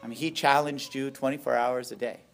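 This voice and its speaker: A middle-aged man, a priest, giving a storytelling witness talk, animated and playful as he acts out what others said. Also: a little fast, vocal fry, a little hiss or hum. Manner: animated, acts out quoted voices with big pitch jumps.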